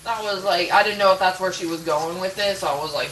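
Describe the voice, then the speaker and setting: Doing chores in her kitchen at home, this woman talks to her viewers in a low-leaning, slightly quick voice over background noise. It's a loose, rambling chat peppered with "like" and offhand swearing.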